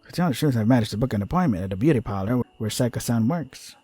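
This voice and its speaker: A man's voice: medium pitch, expressive, fast talker, dark tone, slightly rough, faint music behind. A man voicing an eager, pushy young male friend from a visual novel in a raised voice while reading the game aloud.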